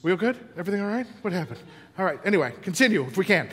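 A man preaching a sermon as pastor, telling the story with animated, acted-out scenes. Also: sits high, racing, husky, long reverb tail. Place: church building.

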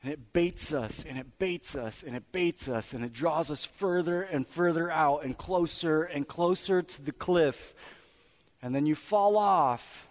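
A man's voice: fairly high pitch, unhurried. A man preaching a sermon as pastor, building emphasis through repetition.

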